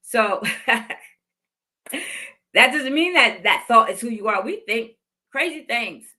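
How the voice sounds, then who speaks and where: A woman's voice: fairly high pitch, lively intonation, slow, sharp tone. A woman in her fifties hosting a podcast, giving heartfelt motivational faith talk and repeating phrases for emphasis. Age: 50s. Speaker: podcast host.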